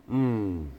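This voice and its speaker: A man's voice: medium pitch, a little hiss or hum. A man in a casual, rambling live chat from inside a camper van, laughing often and repeating phrases. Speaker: vlogger reading live chat.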